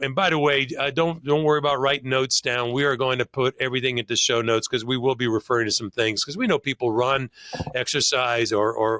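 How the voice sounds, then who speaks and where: Bright-voiced jovial male podcast host. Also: mid-range voice, dry recording. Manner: jovial, upbeat, joking. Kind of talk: casual podcast hosting.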